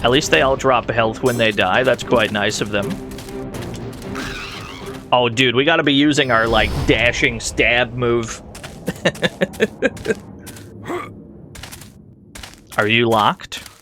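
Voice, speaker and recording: Slow, lively-voiced male streamer, game music behind. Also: mid-range voice. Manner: playful, laughs often, mock-dramatic. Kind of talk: casual gameplay commentary.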